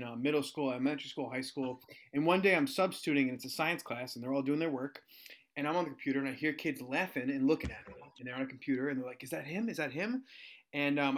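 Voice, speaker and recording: A man in his thirties telling funny stories in casual chat, acting out the voices he quotes and jumping up in pitch. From United States. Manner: animated, acts out quoted voices, jumps in pitch. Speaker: guest storyteller.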